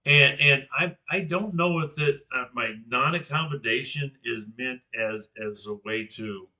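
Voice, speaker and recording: A man's voice: medium pitch, sharp tone. An older man from Georgia in the US giving an informal class presentation, carefully articulating his words with frequent restarts.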